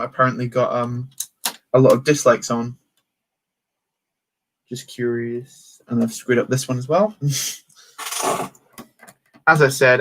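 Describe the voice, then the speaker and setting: A man's voice: mid-range voice, fairly bright tone, slight background noise. Rambling young man live-streaming a build. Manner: rambling, reads chat aloud, many fillers. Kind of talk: casual live-stream chat.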